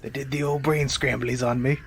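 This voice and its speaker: A man's voice: medium pitch, flat delivery, fairly quick, vocal fry, a little hiss or hum, lightly acted. Put-on bloke, dazed and rambling, played by a man. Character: dazed man with a put-on rough British accent.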